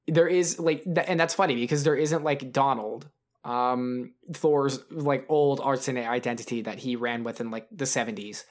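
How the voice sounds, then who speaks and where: A man's voice: mid-range voice, steady tone, moderate pace. A man co-hosting a podcast, talking in a loose, rambling way. He restarts his sentences often and fills the gaps with "like" and "um". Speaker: podcast co-host. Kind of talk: casual podcast chat.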